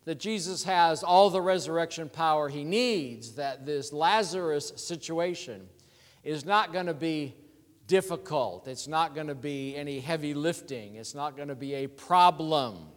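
A man preaching a sermon as a pastor, telling a story in a conversational, animated way. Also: a little high, unhurried, big-room sound.

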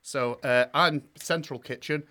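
A man's voice: fairly high pitch, a little slow, pushed and bright. A man hosting a casual podcast chat, jokingly reading out chart dates. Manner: jokey, reads chart dates with mock ceremony. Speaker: podcast host.

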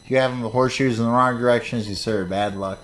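Crude deadpan podcast man. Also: medium pitch, fast talker, slight background noise. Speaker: podcast co-host. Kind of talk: casual chat.

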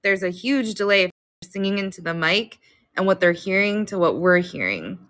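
A woman's voice: mid-range voice, lively intonation, normal speed, a bit bright, dry recording. A woman co-hosting a casual podcast, with wry, joking remarks. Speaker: co-host.

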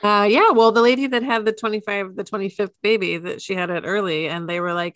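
A woman's voice: medium pitch, steady tone, fairly quick, hardly any pauses, a bit bright, dry recording. A woman co-hosting a podcast in casual chat about a TV series, wry and chatty, often laughing mid-sentence.

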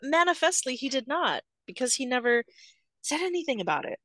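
A thoughtful woman in a relaxed podcast chat who poses questions and turns ideas over. Her intonation swings widely, and the recording is dry and close. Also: high-pitched, a little fast, no room sound.

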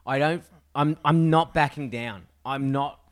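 A man's voice: a little high, a little slow. A young Australian man co-hosting a podcast, telling road-trip stories in casual, swearing chat. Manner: swearing, storytelling, animated retellings. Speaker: podcast co-host.

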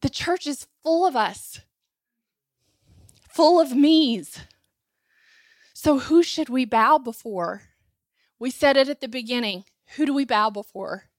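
High-pitched woman preacher, sharp bright tone, lots of repeating and rhetorical questions, dry close mic. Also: animated, takes it slowly, no room sound. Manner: impassioned, rising to near-shouting at climaxes; rhetorical questions and emphatic repetition. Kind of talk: sermon.

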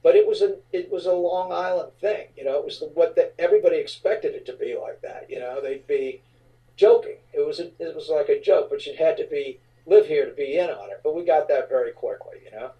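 A middle-aged man from the New Orleans area, a rock frontman telling stories in an interview, relaxed and rambling with many fillers. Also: on the high side, fairly quick, far from the mic, highs cut off. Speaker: rock band frontman, guest. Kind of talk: casual interview storytelling.

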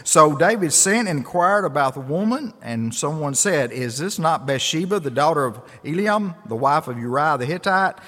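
A man's voice: a little high, animated, moderate pace, hardly any pauses, bright, forceful tone. Male pastor preaching in a church, earnest with emphatic peaks, long hall reverb. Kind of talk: sermon. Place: church sanctuary.

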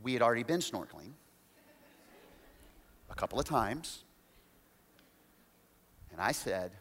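A man preaching, telling a self-mocking story with animated, acted-out quotes. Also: mid-range voice, measured pace. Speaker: pastor. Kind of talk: storytelling sermon. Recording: long reverb of a large hall.

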